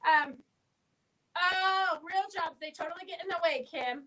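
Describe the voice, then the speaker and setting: Chatty woman host, high and bright, reading viewer comments on a live sale. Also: unhurried, rough recording. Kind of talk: casual live-stream sales chat.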